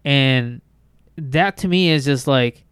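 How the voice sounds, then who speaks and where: A man's voice: medium pitch, slow, fairly bright tone, smooth, no echo, studio quality. A man co-hosting a casual podcast chat, talking enthusiastically and rambling with lots of "like". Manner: enthusiastic, rambling, heavy use of "like". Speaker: podcast co-host.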